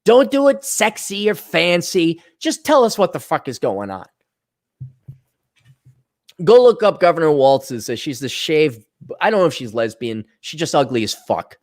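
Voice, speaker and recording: A man's voice: fairly high pitch, unhurried. A man hosting a podcast, delivering a profane, sarcastic solo rant with scornful asides. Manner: animated, mocking voices in quotes. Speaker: podcast host. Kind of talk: ranting solo commentary.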